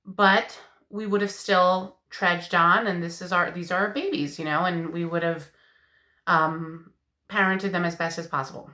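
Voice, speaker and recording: A woman in her late thirties talks straight to her viewers in a personal update. Her voice sits a little low but has a bright, forceful edge. She speaks haltingly, with plenty of fillers, and sounds emotional. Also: steady tone, reverberant. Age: 30s. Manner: candid, halting, many fillers. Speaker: vlogger.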